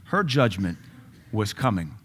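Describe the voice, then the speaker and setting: Lower-voiced male pastor preaching. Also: very animated, measured pace, a bit bright, slightly rough. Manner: conversational preaching with sudden emphatic rises and asides. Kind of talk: sermon.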